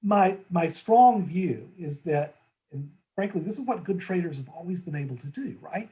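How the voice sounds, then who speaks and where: A man's voice: high voice, animated, moderate pace, dark tone, poor audio. A man as a guest in a conversational market discussion, talking thoughtfully with frequent restarts and tag questions.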